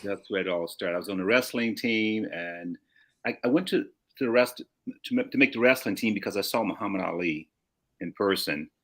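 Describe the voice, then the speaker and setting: Older man telling stories, low voice. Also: moderate pace, fairly bright tone. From St. Louis, USA. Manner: rambling anecdotes with frequent restarts, chuckles. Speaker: guest. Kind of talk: casual storytelling.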